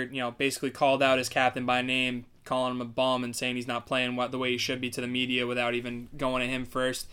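Man, smooth clear voice, casual sports podcast co-host, blunt and profane. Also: mid-range voice, pushed and bright. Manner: swears freely, fast ranting.

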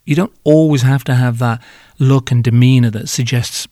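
A man's voice: medium pitch, steady tone, normal speed, mellow, no room sound, studio quality. A man hosting a podcast, delivering advice to hospitality workers in a joking, sardonic, irreverent monologue.

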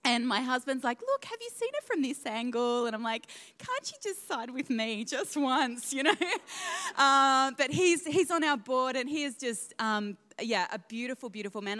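A woman in her thirties with an Australian accent gives a sermon as a guest pastor in a church. Her voice sits a little high, and she talks in a chatty, self-deprecating way full of laughing asides. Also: fairly bright tone, long reverb tail. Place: church auditorium.

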